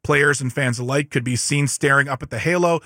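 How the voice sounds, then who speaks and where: A man's voice: medium pitch, a little fast, pushed and bright, no room sound, studio quality. A man co-hosting a podcast, reading news headlines aloud in casual chat and breaking off for joking asides and stumbles. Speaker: podcast co-host.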